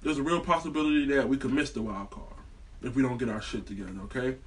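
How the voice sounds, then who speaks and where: A man's voice: medium pitch, steady tone, fast talker, far from the mic. A man delivering a heated, profane, rambling sports rant as a fan vlogger.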